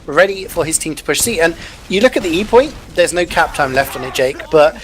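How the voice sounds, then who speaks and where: A male esports caster giving relaxed, analytical color commentary with casual asides and jokes. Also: a little high, a little fast, a little hiss or hum. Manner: chatty, jokey, lots of "you know".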